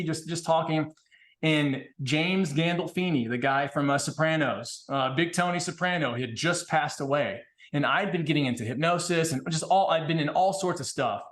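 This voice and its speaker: Fast-talking high-voiced blunt man. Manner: blunt, swears freely, animated storytelling. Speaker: podcast guest. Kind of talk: casual podcast conversation.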